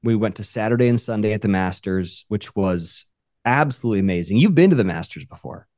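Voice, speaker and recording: A man's voice: on the low side, expressive, a little fast, a little mellow, no room sound, studio quality. A man co-hosting a podcast, chatting casually in an upbeat, joking way. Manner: upbeat, joking, enthusiastic storyteller. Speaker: podcast co-host. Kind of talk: casual chat.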